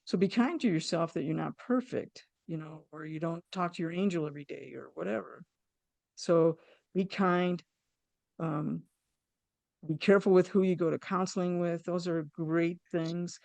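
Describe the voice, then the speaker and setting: Woman host, gravelly voice, blunt and candid, dry close sound. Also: on the low side, a little mellow, dry recording. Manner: candid, talks in quick bursts with blunt humor. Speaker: podcast host. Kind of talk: casual conversation.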